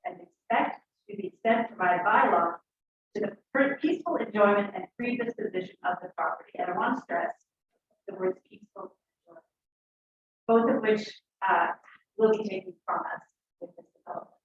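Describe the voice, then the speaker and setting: A woman's voice: a little high, very animated, a little fast, gravelly. A woman resident making an earnest, emotional public comment to a town council. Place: council chamber. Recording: echoey chamber, distant mic, muffled, faint hiss.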